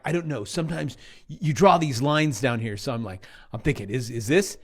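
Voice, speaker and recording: Middle-aged male vlogger, lively pitch, sarcastic rants, trading chart walkthrough. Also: brisk. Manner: sarcastic, jumpy, mocking voices of doubters. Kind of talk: casual rant and chart walkthrough.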